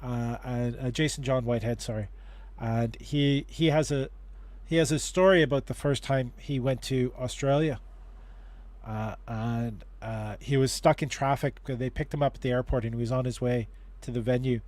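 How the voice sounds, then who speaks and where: A man's voice: mid-range voice, normal speed, a little mellow. A man hosting a casual livestream advice chat, talking in a rambling way with many restarts and fillers. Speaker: host.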